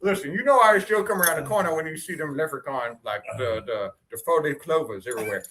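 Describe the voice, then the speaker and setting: A man's voice: fairly high pitch, animated, fast, fairly bright tone, a little hiss or hum. A man co-hosting an investing show, joking over stock charts in a teasing, mock-brash slang voice.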